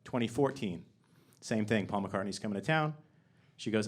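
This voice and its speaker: A young man performing a stand-up comedy set on a theater stage, moving from soft, sincere build-ups to loud, excited punchlines into a handheld microphone. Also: lowish voice, moderate pace. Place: theater stage before a live audience.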